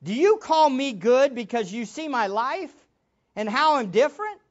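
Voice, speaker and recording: A man's voice: very high-pitched, sing-song, normal speed, lo-fi sound. A man preaching a sermon as a pastor, emphatic, with much repetition for stress.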